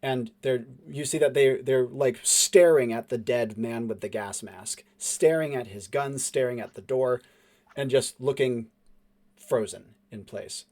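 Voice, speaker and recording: A man's voice: medium pitch, measured pace. Man narrating as game master. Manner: descriptive, with filler words and hushed dramatic drops. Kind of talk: narrating a tabletop role-playing game.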